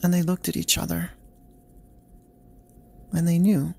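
A man narrating a bedtime story in a soft, gentle, slow storytelling manner. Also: on the high side, level tone, creaky.

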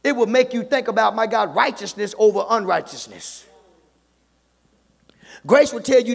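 A man preaching a sermon as pastor in a church, fervent and repetitive, often calling out "my God" and building to shouts. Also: high-pitched, animated, normal speed, vocal fry, husky. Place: church sanctuary. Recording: echoey church hall with long reverb.

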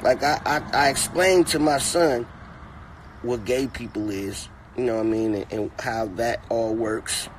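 Mid-range and unhurried, a man rants from inside his car, delivering profane, mocking comedy with slight noise behind him. This comedic commentator stays animated and keeps repeating himself as he ridicules.

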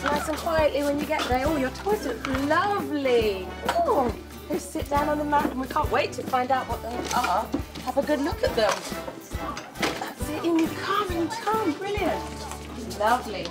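A woman playing a primary school teacher, speaking in a gentle, coaxing classroom tone in a children's series. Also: high voice, lively intonation, unhurried, loud music behind the voice. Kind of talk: children's live-action series.

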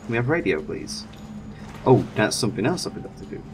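A young man giving chatty, excitable let's-play commentary. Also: mid-range voice, quick pace. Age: young adult. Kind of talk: gameplay commentary. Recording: steady background noise.

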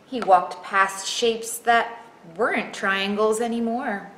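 A woman librarian reading a picture book aloud to children, expressive and asking them questions. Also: medium pitch, slow. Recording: echoey room, faint background noise.

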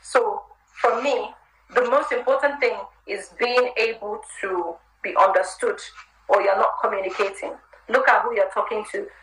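A woman with an American accent talks candidly as a guest in a live chat interview. Her voice is bright and fairly high. The room sounds roomy, with faint hiss behind her. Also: fairly even intonation, moderate pace. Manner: candid, chatty, advice-giving. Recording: roomy live stream audio.

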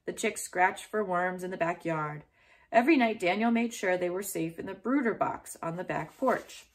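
A woman reading a children's chapter book aloud in a gentle, steady storytelling manner. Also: on the low side, normal speed.

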